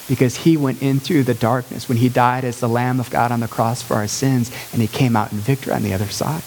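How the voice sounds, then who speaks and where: Brief: male pastor, mid-pitched, relaxed conversational sermon delivery with emphatic rises, faint hiss behind. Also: brisk. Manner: conversational preaching, rising to emphatic peaks.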